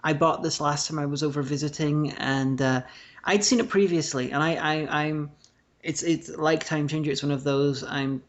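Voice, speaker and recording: A woman's voice: deep voice, fairly even intonation, moderate pace. A woman hosting a podcast, talking casually with hesitant, rambling sentences full of restarts. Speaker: podcast host. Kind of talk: casual chat. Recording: lo-fi podcast recording.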